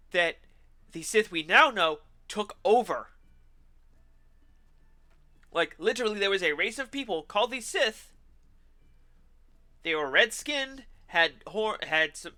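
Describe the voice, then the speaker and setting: A male streamer with a high, piercing, very bright voice rants sarcastically and animatedly as he plays a game. He swears freely throughout his gaming commentary.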